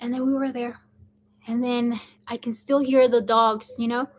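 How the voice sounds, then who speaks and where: A woman's voice: a little high, flat delivery, normal speed. A young woman, casually telling a story to camera, full of "like" and "um". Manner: chatty, many fillers like "like" and "um". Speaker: vlogger.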